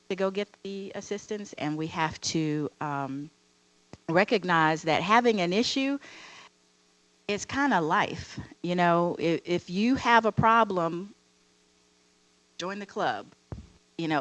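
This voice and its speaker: A woman panelist speaking earnestly, with frequent fillers and soft laughs. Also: lowish voice, low-quality recording. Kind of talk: panel discussion. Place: campus event room.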